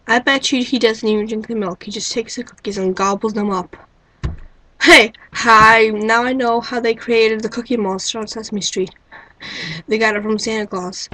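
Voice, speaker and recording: Woman, webcam vlogger, slightly high voice, wry rambling with endless rhetorical questions. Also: steady tone, a little fast, a little hiss or hum, rough recording. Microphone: built-in webcam mic.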